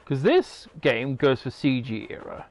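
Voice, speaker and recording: A man's voice: medium pitch, big pitch swings, a little slow. A man giving rambling, casual commentary while playing a game, swearing now and then. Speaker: gamer.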